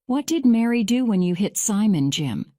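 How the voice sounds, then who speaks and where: A woman voicing a calm male lawyer questioning a witness, read slowly and evenly. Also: mid-range voice, no room sound, studio quality, close to an everyday voice. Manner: measured, slow graded-reader delivery.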